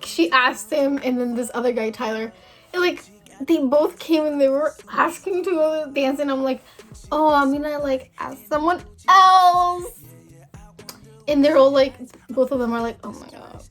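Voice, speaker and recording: High-voiced chatty young woman vlogger. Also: moderate pace, faint music behind. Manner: chatty, valley-girl fillers, acts out dialogue. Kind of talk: casual storytime vlog.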